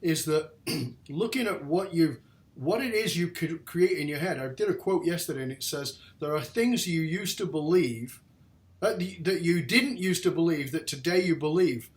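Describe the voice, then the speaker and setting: A man's voice: a little high, animated, moderate pace. A middle-aged man hosting a casual interview. He tells stories with animation and laughs often. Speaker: podcast host. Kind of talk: casual chat.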